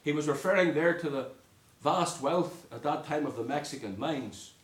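Emphatic British preacher in echoey hall. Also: male voice, a little high, lively intonation. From United Kingdom. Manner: earnest, emphatic preaching with pauses. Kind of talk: sermon.

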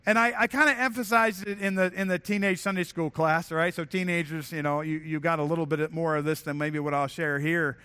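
Bright, high-voiced man preaching. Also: fairly even intonation, fairly quick, hardly any pauses, clear, resonant tone. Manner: earnest, conversational preaching with repeated restarts. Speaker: pastor. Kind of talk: sermon. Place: church sanctuary.

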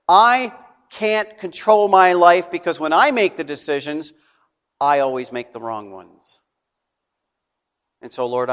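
A man's voice: fairly high pitch, a bit bright. Man preaching in a reverberant hall. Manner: conversational preaching with frequent "okay?" check-ins. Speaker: pastor. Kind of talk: sermon.

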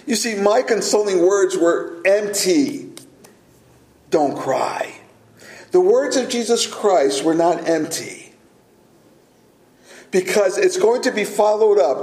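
A middle-aged man preaching a sermon as pastor, earnest and deliberate, with filler words. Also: high-pitched, darkish tone. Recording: echoey room.

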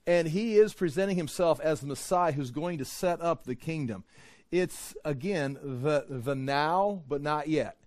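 A man's voice: on the high side, a little slow, a little mellow, no room sound. A man preaching a verse-by-verse sermon in a conversational way, often repeating words and acting out quoted speech. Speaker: pastor teaching the Bible. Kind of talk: expository sermon.

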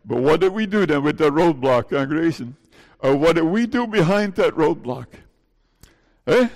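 A man's voice: a little high, lively intonation, moderate pace, darkish tone, long reverb tail. A male pastor preaching an earnest sermon, pleading and putting questions to his congregation. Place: church.

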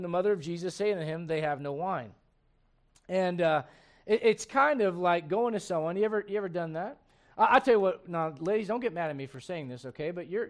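A male pastor preaching a conversational sermon, halting and restarting at times and slipping in humorous asides. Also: high voice.

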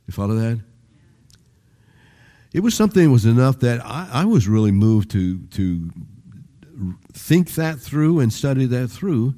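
Older male pastor, warm low-bright tone, chatty sermon delivery with shifting emphasis. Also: sing-song, unhurried. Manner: rambling, conversational, with restarts and varied emphasis.

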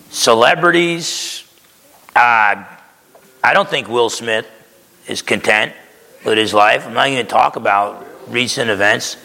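Male pastor, conversational emphatic sermon; gravelly, bright-edged voice, reverberant hall. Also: medium pitch. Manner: conversational, emphatic preaching with frequent "okay?".

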